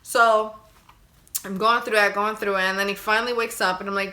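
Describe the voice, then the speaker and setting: A young woman casually telling her birth story to her viewers, chatty and animated, acting out her own crying and pleading. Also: medium pitch, moderate pace. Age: young adult.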